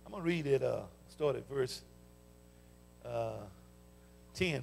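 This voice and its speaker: An older pastor with a Southern US accent, preaching a fervent sermon with folksy stories and call-and-response interjections. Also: male voice, medium pitch, lively intonation, slow pace, creaky, long pauses, a little mellow. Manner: folksy storytelling. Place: church sanctuary.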